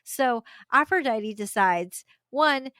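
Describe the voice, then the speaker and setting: A woman's voice: on the high side, animated, takes it slowly, pushed and bright, smooth, no room sound. A young adult woman, a podcast host, retelling a story casually with slangy asides and frequent laughter.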